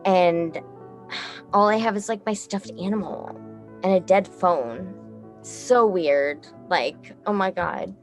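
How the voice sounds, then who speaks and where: Young woman guest, Texas-raised, unhurried and rambly, dry close sound with soft music under. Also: medium pitch, dry recording. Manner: rambling, filler-heavy, swears, laughs often. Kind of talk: casual storytelling.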